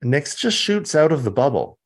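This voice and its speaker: A man's voice: fairly high pitch, very animated, normal speed. A man co-hosting a podcast, casually recapping a comic and acting out the characters' lines in silly voices. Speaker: podcast co-host.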